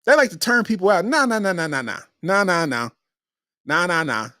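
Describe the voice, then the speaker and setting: Animated, slangy comedian telling stories. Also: male voice, sits high, moderate pace, no room sound, studio quality. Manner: animated, slangy, laughs between lines. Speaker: comedian podcast host. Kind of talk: comedic podcast storytelling.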